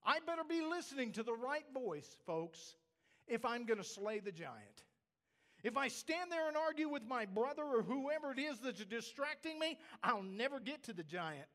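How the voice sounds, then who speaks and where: A man's voice: extremely high pitch, very animated, moderate pace, bright, forceful tone. A man preaching a sermon, emphatic, asking the congregation rhetorical questions. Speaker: pastor.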